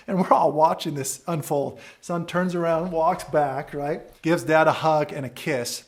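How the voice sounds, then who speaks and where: A man's voice: fairly high pitch, steady tone, measured pace, few pauses. A man telling a story as a leadership speaker, in an earnest, dramatic storytelling manner. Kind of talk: motivational storytelling.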